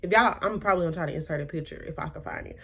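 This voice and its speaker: A woman's voice: lowish voice, racing, fairly bright tone, husky. A young woman from the American South telling a dramatic personal story in a casual vlog, full of rhetorical questions and quoted dialogue. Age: young adult. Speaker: vlogger.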